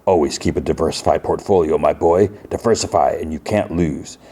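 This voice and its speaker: A man voicing a smug older crime boss who talks low and gloats. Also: a little fast, mellow. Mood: gloating.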